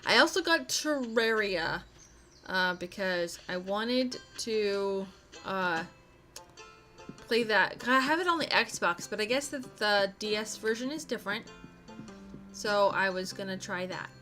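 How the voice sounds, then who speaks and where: A woman's voice: mid-range voice, animated, takes it slowly, bright, forceful tone, faint music behind. A young adult woman streaming a game live, chatting in a giggly, rambling way full of silly asides. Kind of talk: casual live-stream chat while gaming.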